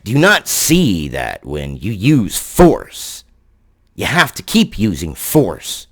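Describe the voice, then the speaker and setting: A man's voice: on the low side, wildly swooping pitch, takes it slowly. A man delivering angry political commentary, sarcastic and profane in his ranting.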